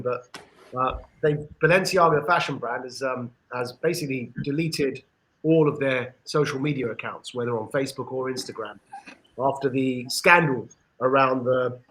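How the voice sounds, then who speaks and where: A man with an English accent giving an earnest discussion monologue on a podcast, with frequent pauses and restarts. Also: mid-range voice, fairly bright tone, slight background noise, low-quality recording. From England. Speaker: podcast panelist.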